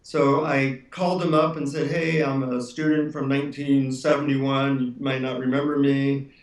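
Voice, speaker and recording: A man's voice: medium pitch, level tone, moderate pace, distant mic. A middle-aged man, a self-help author being interviewed, telling a personal story in an earnest, reflective way. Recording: roomy, off-mic sound.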